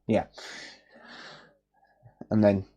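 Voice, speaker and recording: Guy doing a repair livestream, slow easygoing talk, jokey and a bit sweary. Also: mellow. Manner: joking, blunt, swears, reads out chat and notes. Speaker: electronics repair livestream host. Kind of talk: casual livestream chat while working. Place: repair workbench indoors.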